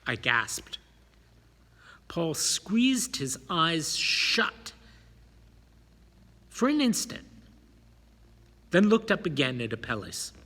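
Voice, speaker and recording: Male narrator, slow expressive reading, bright husky voice, long reverb. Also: a little high. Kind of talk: dramatic audiobook narration.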